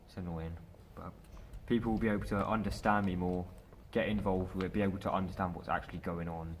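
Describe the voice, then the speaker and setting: A man drama student with a deep voice who has trouble saying R's, talking earnestly in a group. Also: steady tone, quick pace, a little hiss or hum, rough recording.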